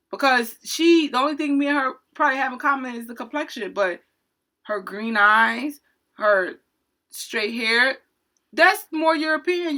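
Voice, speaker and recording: A woman with a bright, forceful voice tells a story from her cashier job as a storytime vlog rant. She sounds indignant and animated, pushing her points hard as she recounts the run-in. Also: on the high side. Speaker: retail cashier.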